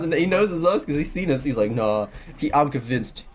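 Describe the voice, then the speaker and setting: A man's voice: a little high, fairly quick. A young man telling a rambling, profane story in a casual chat with friends. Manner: rambling, profane, animated anecdote. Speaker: podcast regular.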